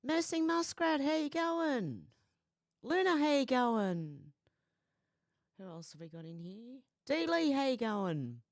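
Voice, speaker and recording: A woman chats casually on a livestream, greeting viewers one by one. Her voice is a little croaky since she is feeling unwell. The sound is dry and close, with no room around it. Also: high-pitched, sing-song, slow, dry recording. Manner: chatty, greets viewers by name. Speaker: livestream host. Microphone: headphones with mic.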